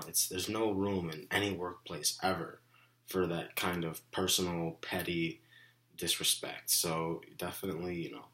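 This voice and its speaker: A man's voice: low-pitched, bright, forceful tone. A young man venting in a rambling, frustrated monologue, full of "you know" and "like" fillers. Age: young adult. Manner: frustrated, indignant. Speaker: vlogger.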